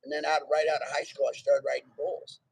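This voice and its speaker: An older retired man from Nebraska talks about his younger days in plain, halting speech. His voice is gravelly and husky and sits a touch high, sounding dry and close. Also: level tone, a little mellow, rough recording. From Nebraska, USA. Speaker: guest, Navy veteran. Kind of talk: casual chat. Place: outdoors by a fire.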